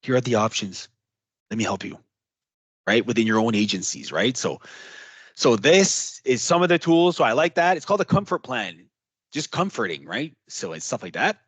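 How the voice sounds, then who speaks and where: A man's voice: mid-range voice, normal speed, breathy edge, dry recording. Male trainer, casual and chatty, dry close recording. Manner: animated, chatty, acts out client quotes. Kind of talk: casual workshop talk.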